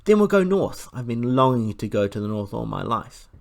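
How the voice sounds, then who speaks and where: A man's voice: on the high side, expressive, normal speed, creaky, voice pushed up. A man reading aloud and voicing an eager, timid young boy. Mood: excited.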